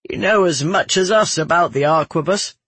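A man voicing a stern, measured male caravan guard captain who gives terse, carefully worded instructions, with a slightly husky voice. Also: fairly high pitch, a bit bright, dry recording.

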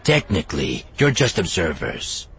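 A man voicing a suspicious, blunt male alien detective who speaks slowly and flatly, accusing everyone. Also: low voice, creaky, breathy edge, heavily acted. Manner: slow, flat, accusing delivery.

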